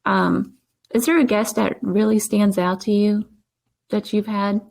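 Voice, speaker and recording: A woman hosting a podcast interview, friendly and quick to laugh, giving short reactions and asking questions. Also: medium pitch, steady tone, vocal fry, darkish tone. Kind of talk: casual interview.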